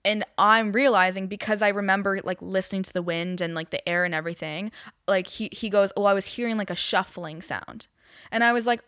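A woman's voice: medium pitch, brisk, no room sound, studio quality. A young woman telling a spooky story from her own life in casual chat, rambling with lots of fillers. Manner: rambling, many fillers, animated retelling.

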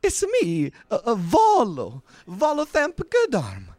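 A man's voice: sits high, huge pitch swings, takes it slowly, darkish tone, no echo, pitched above the performer's own voice, exaggerated voice. A man voicing a short, flustered male writer who stammers and fusses, with filler sounds between words. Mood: flustered eager. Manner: stammering, fussy.

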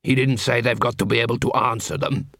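A man's voice: mid-range voice, slow pace, fairly bright tone, no room sound, studio quality. A man voicing a prickly, grim male dwarf guard. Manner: grim and sullen.

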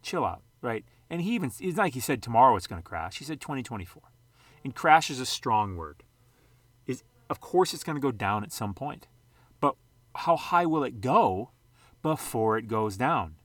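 A man talking casually to his viewers on a vlog, wandering from point to point and firing off rhetorical questions. His voice sits at an ordinary middle pitch. The sound is close and dry, with no room echo. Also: sing-song, moderate pace, a bit bright. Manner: rambling, conversational, mildly profane, asks rhetorical questions. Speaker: sports card channel host.

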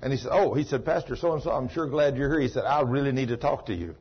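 A man's voice: medium pitch, fast, breathy edge. A man, a pastor preaching a sermon in a folksy way, exclaiming and acting out the dialogue of a story he retells. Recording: muffled lo-fi sermon tape.

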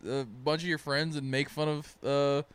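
A young man from Tennessee, co-hosting a podcast and telling animated, profane stories between laughs. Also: a little high, moderate pace, clean tone, no room sound. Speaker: podcast co-host. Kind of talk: casual chat.

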